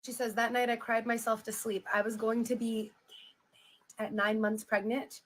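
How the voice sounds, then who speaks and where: Chatty woman with a higher voice. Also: flat delivery, moderate pace, a little hiss or hum, rough recording. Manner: chatty, many "like" fillers, retells quotes. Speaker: commentator reading a memoir aloud. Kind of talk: casual reaction commentary.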